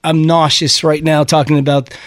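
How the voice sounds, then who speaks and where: A man's voice: a little high, level tone, moderate pace, over music. A middle-aged man hosting a radio show, talking in a raw, upset and heartfelt way. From United States. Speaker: radio host. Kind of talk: emotional on-air talk. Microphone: studio microphone.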